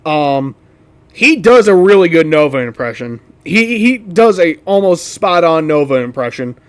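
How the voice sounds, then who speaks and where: A man's voice: fairly high pitch, very animated, a little slow. A man giving casual commentary over his old video, rambling with fillers, laughing and swearing freely. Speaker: reaction video creator.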